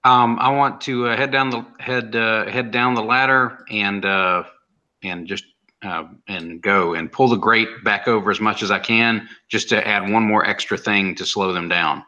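Hesitant player on muffled call audio. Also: male voice, lowish voice, steady tone, moderate pace, pushed and bright. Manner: hesitant, full of fillers. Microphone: online voice call.

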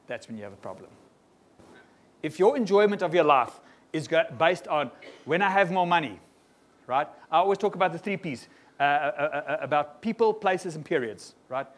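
A man preaching a sermon to a congregation in a lively style, often tagging on quick questions to the room. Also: fairly high pitch. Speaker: pastor. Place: church hall before a congregation.

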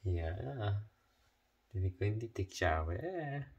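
A man's voice: fairly low pitch, very animated, slow, a little mellow. A man at home coaxing his pet bird in repetitive baby talk, asking the same questions over and over. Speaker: pet owner.

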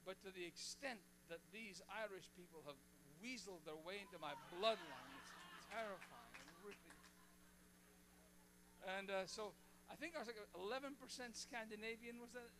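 A man's voice: high voice, moderate pace, background noise. An older man preaching a sermon in church, telling stories in a joking, folksy way. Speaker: pastor.

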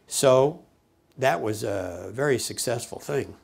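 An older man recounting his peace work in a lively storytelling manner, acting out the voices of the people he quotes. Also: medium pitch, a little slow, creaky. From United States. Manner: animated storyteller, acts out quoted speech. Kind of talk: personal storytelling to camera.

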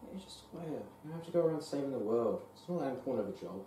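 A man playing a lazy, crude young flatmate who swears constantly and pushes his friend around. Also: mid-range voice, racing, lightly acted. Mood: scornful. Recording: roomy, distant mic.

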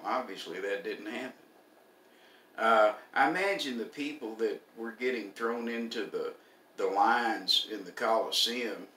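Older male preacher, folksy sermon voice, bright tone, set back from the mic in a roomy space. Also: on the low side, distant mic, slight background noise. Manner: folksy, homespun humor.

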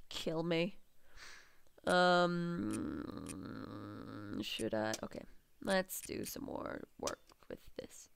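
A woman's voice: on the low side, slow, long pauses, a little hiss or hum. A young woman casually commenting on a game she is playing, crude and giggly, muttering asides into a close mic. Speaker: gaming video host. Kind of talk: casual let's-play commentary.

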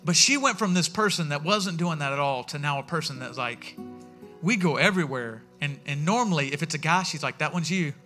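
Male pastor, high bright voice, chatty sermon delivery. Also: lively intonation, fairly quick, faint music behind. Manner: conversational storytelling, acts out quoted voices. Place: church sanctuary.

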